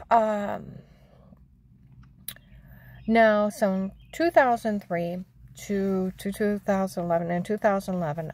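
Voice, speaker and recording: An older woman telling a rambling, aggrieved personal story, repeating herself and acting out what others said, her voice gravelly. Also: fairly low pitch, a little mellow. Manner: chatty, aggrieved, repeats herself, acts out quotes.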